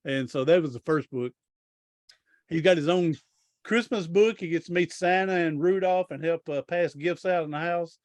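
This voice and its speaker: Guy rambling through stories, bit high voice, dry close sound. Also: moderate pace, dry recording. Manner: rambling, restarts sentences, folksy grammar. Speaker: podcast guest, author and speaker. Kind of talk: casual storytelling interview.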